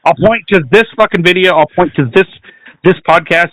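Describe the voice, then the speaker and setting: A man's voice: high-pitched, a little fast, a bit bright, no room sound, poor audio. An American man hosting a podcast, joking and crude in casual banter, acting out silly scenes. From United States. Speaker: podcast host.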